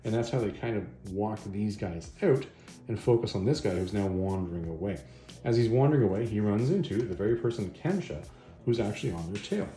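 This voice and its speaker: A man's voice: fairly low pitch, lively intonation, a little fast, dark tone, faint music behind. A man hosting a video, casually recapping a comic story with rambling self-corrections. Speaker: video host, comic reviewer. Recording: echoey room.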